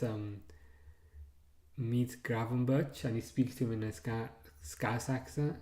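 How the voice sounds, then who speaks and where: A man's voice: mid-range voice, roomy sound. A man hosting a live stream, chatting casually through a match, reading out viewer comments and trailing off into frequent fillers. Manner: relaxed, hesitant with many fillers; reads out and answers viewer chat.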